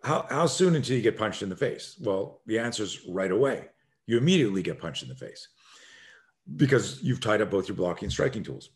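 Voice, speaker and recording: A middle-aged man with a low voice tells a story as a guest on a podcast. He speaks as a self-defense instructor. He acts out the people in his stories, jumping from loud outbursts to hushed asides. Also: sing-song, a little fast. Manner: acts out quoted voices, swings loud and soft. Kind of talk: animated storytelling in a podcast interview.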